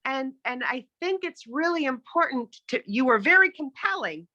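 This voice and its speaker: A woman on a video call giving candid, friendly speech feedback, pausing with fillers. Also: high voice, very animated, pushed and bright, no echo, muffled recording. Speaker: speech evaluator.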